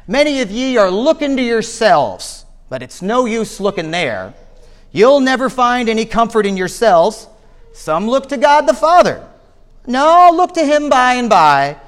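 A man's voice: high voice, fairly bright tone, in a large hall, pitched above the performer's own voice, full character voice. A man voicing a thin, uneducated lay preacher with an Essex accent who talks in plain, ungrammatical country speech.

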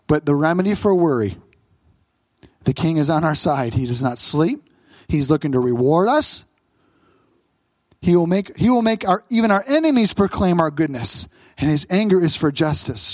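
A man preaching as a pastor, fervent and repetitive, swinging from urgent raised pleading to low hushed prayer. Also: brisk, no room sound. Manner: repeats phrases, stumbles and restarts. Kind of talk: sermon and closing prayer.

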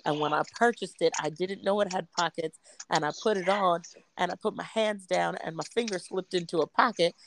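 A woman's voice: lowish voice, a little fast, a little hiss or hum. A woman chatting casually on a podcast, outspoken and goofy, swearing freely. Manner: outspoken, profane, animated and goofy. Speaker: podcast co-host. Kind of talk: casual chat.

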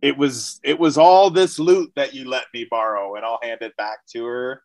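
A man's voice: mid-range voice, fairly even intonation, normal speed, darkish tone, no room sound, faint music behind. Man playing a bard in a tabletop game. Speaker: player.

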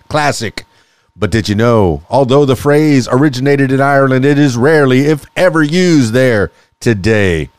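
Man, podcast host, chatty and upbeat, mid-pitched voice, dry close studio mic. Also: no echo. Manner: upbeat, chatty, laughs often. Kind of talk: casual solo podcast. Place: small radio studio.

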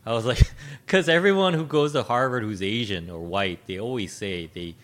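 A man co-hosting a podcast, telling an anecdote in an animated, casual way. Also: medium pitch, normal speed. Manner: storytelling, animated, laughs at own jokes. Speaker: podcast co-host. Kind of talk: casual chat.

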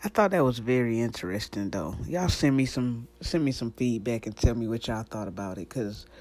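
A woman hosting a casual podcast chat, animated and slangy, laughing often. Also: extremely low pitch, moderate pace. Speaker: podcast host and musician.

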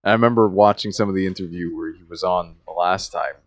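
An American man co-hosting a podcast, chatting casually, animated and swearing often. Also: sits low, quick pace, no echo. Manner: swears a lot, animated and joking. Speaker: podcast co-host.

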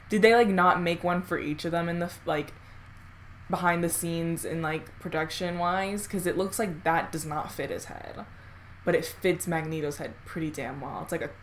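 A woman doing casual reaction commentary on a movie, gushing, laughing and swearing excitedly. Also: on the low side, a little hiss or hum.

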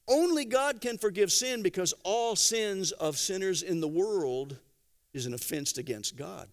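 A man preaching a sermon, telling stories conversationally with gentle humor and acting out quotes. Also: a little high. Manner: animated storytelling with acted-out quotes. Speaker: pastor.

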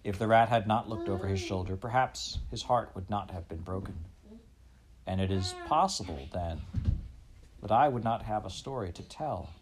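A man reading a children's novel aloud, a measured storyteller who often speaks straight to the listener. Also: on the low side, crowd noise. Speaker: audiobook narrator.

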